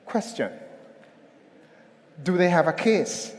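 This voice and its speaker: A keynote speaker delivers a motivational conference talk in an echoey hall, telling a story and calling on the audience to respond. His voice is high and very animated, though his pace is slow.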